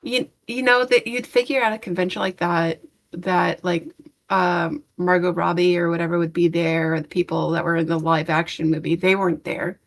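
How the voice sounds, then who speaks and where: A woman with a low voice and a gravelly, fry-edged tone, talking through a loose podcast chat. She rambles, circles back over her own words and drops casual swears in blunt frustration. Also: fairly even intonation, normal speed. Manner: rambling, with many fillers and restarts. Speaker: podcast co-host.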